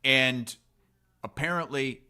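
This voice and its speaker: Bright, forceful man for casual sports-podcast banter, quick to laugh and curse. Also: medium pitch, smooth. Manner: jokey, laughs often, swears casually. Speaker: podcast co-host.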